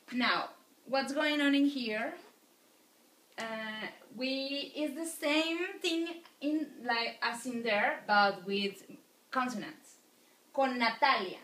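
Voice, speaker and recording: A woman gives a video lecture in a slightly high voice. She speaks very slowly and patiently, saying words clearly for her students to repeat. The room around her is echoey. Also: a bit bright. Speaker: Spanish teacher.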